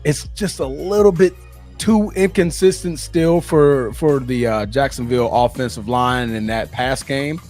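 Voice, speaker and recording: A man from the United States co-hosting a casual football podcast, excitable and quick to laugh. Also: mid-range voice, faint music behind. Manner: excitable, laughs a lot, fan banter. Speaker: podcast co-host. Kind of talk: casual sports podcast chat.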